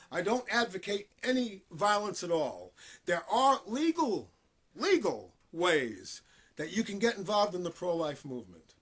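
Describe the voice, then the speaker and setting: Earnest middle-aged man, high lively voice. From United States. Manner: earnest, repetitive, emphatic. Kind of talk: scripted-sounding monologue to camera.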